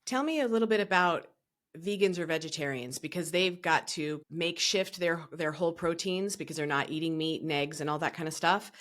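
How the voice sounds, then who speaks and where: A woman's voice: low-pitched, a little fast, fairly bright tone. A woman hosting a podcast interview, agreeing in short affirmations and asking questions. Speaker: podcast host.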